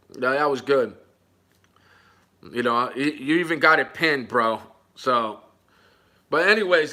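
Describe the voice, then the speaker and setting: A man's voice: a little high, sharp tone. A man livestreaming, reading viewer comments aloud in casual chat and mocking a troll with jokes and frequent laughter. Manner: mocking, jokey, laughs often.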